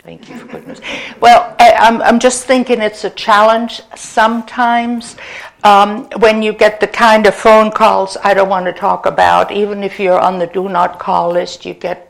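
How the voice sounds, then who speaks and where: A woman giving a gentle, conversational inspirational talk to a congregation. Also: medium pitch, flat delivery, gravelly. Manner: gentle, unhurried, conversational with fillers. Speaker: spiritual speaker.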